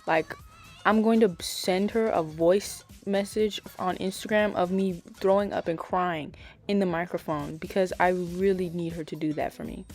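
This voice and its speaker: Soft music plays behind a young nail art vlogger as she rambles through a casual voice-over, correcting herself and filling pauses often. She speaks at normal speed in a low-leaning, slightly mellow voice with fairly even intonation.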